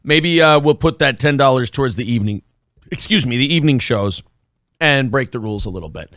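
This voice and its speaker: In dry, clean studio audio, this morning show host talks a little fast in an animated, medium-pitched, somewhat bright voice. His casual banter is blunt and full of profanity.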